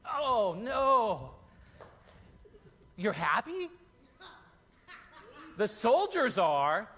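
A man leading a children's Easter play, narrating the story and directing the kids in a playful, animated way. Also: high-pitched. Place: church hall. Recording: echoey church hall.

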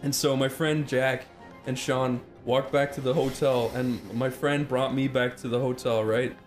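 A man's voice: mid-range voice, flat delivery, a little slow, faint music behind. A young Irish man with an Irish accent, telling a rambling story and laughing through it as he co-hosts a game stream. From Ireland. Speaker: co-host. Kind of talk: casual storytelling over gameplay.

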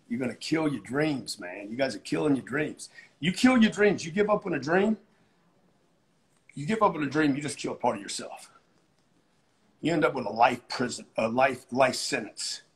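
Brash, profane middle-aged man. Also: medium pitch. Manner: brash, profane, repeats and yells for emphasis. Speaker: motivational speaker. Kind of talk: livestream motivational talk.

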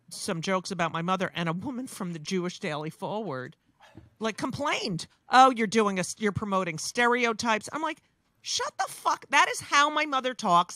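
A woman's voice: on the low side, bright, forceful tone, no echo. A woman, a comedian talking bluntly and profanely in casual chat, with many restarts. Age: 60s. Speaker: comedian guest.

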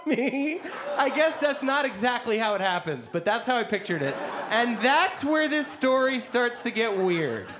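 A man in his thirties telling a stand-up story in an animated, excitable way, with quick bursts. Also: very high-pitched, noisy background. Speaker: stand-up comedian. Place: comedy stage.

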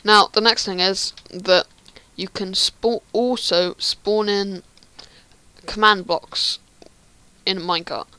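A woman's voice: medium pitch, fairly even intonation, slow, sharp tone, clear, resonant tone, no room sound. A woman giving a casual game tutorial, rambling with lots of ums and restarts. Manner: rambling, hesitant, many ums. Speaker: Minecraft tutorial creator.

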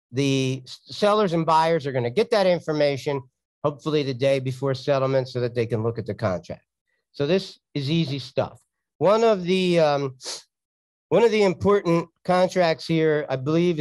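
A man's voice: fairly high pitch, normal speed, a little mellow, no echo. A man, a real estate investor telling a story in a blunt, sarcastic, casual teaching talk.

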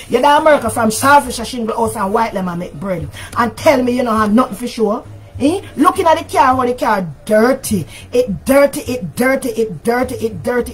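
An older woman with a Jamaican accent, hosting a livestream rant in which she scolds and insults someone over and over, sometimes shouting. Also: high-pitched, breathy edge. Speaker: talk show host.

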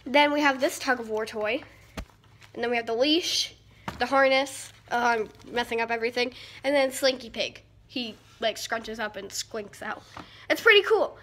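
Bubbly high-voiced young woman vlogging. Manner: bubbly and gushing. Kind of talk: excited home vlog. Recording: loud background noise.

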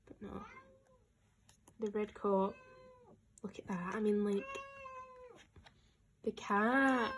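A woman's voice: mid-range voice, unhurried, pauses often, slight background noise. A young woman gushing through an album unboxing at home, often dropping to a whisper. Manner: gushing, excitable, talks to her pets. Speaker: vlogger.

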